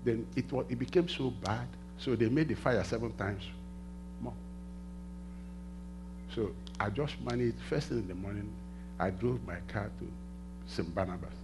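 A middle-aged man preaching a sermon in a church, asking the congregation to finish his sentences and swinging between hushed and loud passages. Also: lowish voice, normal speed, pauses often, over music. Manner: call-and-response questions to the congregation. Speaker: pastor.

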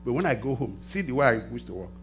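A middle-aged male pastor delivering a sermon, with a bright, forceful tone. He throws half-finished questions to the congregation for them to answer and moves from hushed asides to loud, exclamatory bursts. A faint hum sits behind him in the church. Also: mid-range voice, very animated, quick pace. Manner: call-and-response questions to the congregation.

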